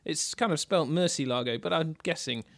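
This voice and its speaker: A man's voice: on the high side, expressive, no echo. A man hosting a casual tech podcast, jokey and fond of puns. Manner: jokey, punning, quick asides. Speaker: podcast host.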